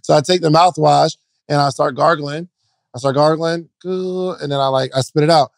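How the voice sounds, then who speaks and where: Man podcast co-host, animated casual storyteller, slightly high voice, dry studio sound. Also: moderate pace, creaky, dry recording. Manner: animated, mimics his child playfully.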